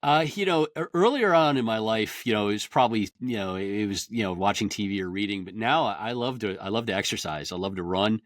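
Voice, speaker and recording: A middle-aged man, a podcast guest, talking fast and with lots of energy in a casual interview. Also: fairly low pitch, no echo. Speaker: guest, industry consultant.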